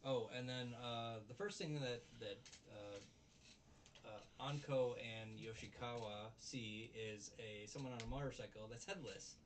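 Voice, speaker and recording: A man's voice: medium pitch, measured pace. Rambling man, distant mic. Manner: rambling, animated retelling with many fillers. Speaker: co-host reviewing an anime episode. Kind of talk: casual recap chat. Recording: distant mic with faint noise.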